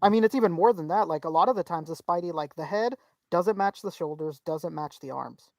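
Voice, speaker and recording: A woman's voice: on the low side, brisk, darkish tone, no echo, clean studio sound. A woman co-hosting a casual live-stream podcast, reading viewer comments aloud in a chatty way with frequent restarts. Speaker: podcast co-host reading chat.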